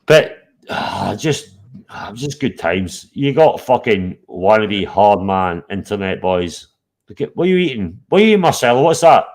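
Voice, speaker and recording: A man hosting a casual live stream, blunt and animated, swearing constantly while telling stories. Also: lowish voice, moderate pace. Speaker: show host.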